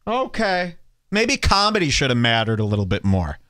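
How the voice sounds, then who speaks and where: A man's voice: medium pitch, wildly swooping pitch, normal speed, fairly bright tone. A man hosting a podcast, ranting sarcastically and hurling insults while commenting on clips. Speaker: podcast host.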